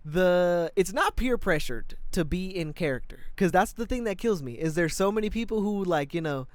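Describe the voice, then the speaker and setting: A man's voice: sits high, expressive, normal speed, no echo. A man co-hosting a podcast, chatting casually in a slangy, rambling way and acting out the voices in his stories. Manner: rambling storyteller, slangy, acts out quoted voices. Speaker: podcast co-host.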